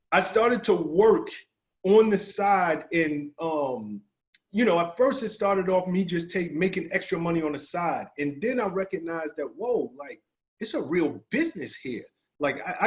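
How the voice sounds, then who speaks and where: A middle-aged man, a podcast guest, telling a personal story in casual talk and acting out the dialogue. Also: sits high. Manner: animated, acts out quoted dialogue.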